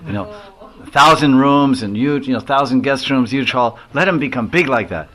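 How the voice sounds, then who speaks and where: A man's voice: mid-range voice, lively intonation, moderate pace, fairly bright tone. An older man giving a devotional lecture as a monk, rambling through personal stories and chuckling at them. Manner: rambling, anecdotal, laughs at his own stories.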